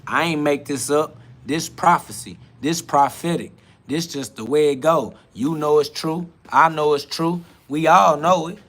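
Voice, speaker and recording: A man's voice: fairly high pitch, a little slow, a bit bright. A man hosting a spiritual self-talk podcast, ranting in a preachy, streetwise way with lots of repetition. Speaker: podcast host.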